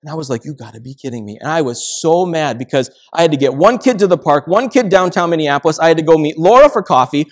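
A man's voice: on the high side, lively intonation, fast, hardly any pauses. A man preaching a sermon as pastor, telling everyday stories in a conversational way. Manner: conversational storytelling with acted quotes.

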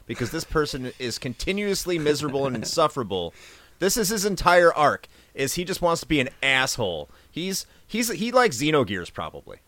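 A podcast guest with a very lively pitch and a forceful, bright voice, recorded close and dry. He rants about a film with crude sarcasm in casual chat. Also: fairly quick, no echo. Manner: sarcastic, crude, expressive ranting. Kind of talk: casual movie review chat.

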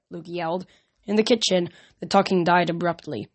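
A woman's voice: on the low side, a little fast. Woman reading a novel aloud. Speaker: audiobook reader. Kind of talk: first-person novel narration.

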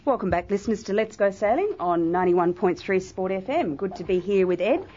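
A woman's voice: mid-range voice, animated, brisk, music in the background. An Australian woman sailor chatting casually in a radio interview, with plenty of fillers. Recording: dull lo-fi radio broadcast.

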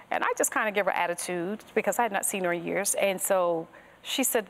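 A woman tells her faith testimony as a podcast guest, speaking earnestly and linking her story with "and so". Her voice sits at a mid pitch for a woman. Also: fairly quick. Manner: earnest storytelling, strings thoughts with "and so". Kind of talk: personal testimony in a podcast interview.

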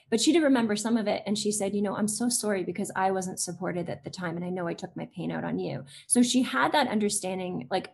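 A woman's voice: medium pitch, vocal fry, slight background noise. A woman in her forties, an educator and interview guest, talking in a chatty way with many fillers and acting out the voices of children. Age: 40s. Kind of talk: casual interview chat.

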